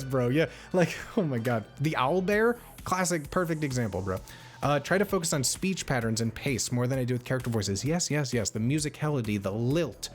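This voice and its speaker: A young man live-streaming, chatting casually with viewers as a game master, rambling and enthusiastic, swearing freely. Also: mid-range voice.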